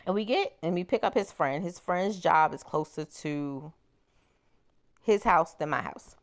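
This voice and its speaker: Animated woman telling a story. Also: fairly low pitch, unhurried. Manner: animated, chatty, exclaiming. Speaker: crochet vlogger. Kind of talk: casual storytelling.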